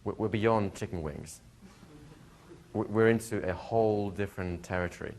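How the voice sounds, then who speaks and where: A man's voice: lowish voice, moderate pace, a little mellow, a little hiss or hum. A man, a hypnosis instructor, answering a student's question in a live workshop, telling stories, laughing and acting out quoted dialogue. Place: training room with students.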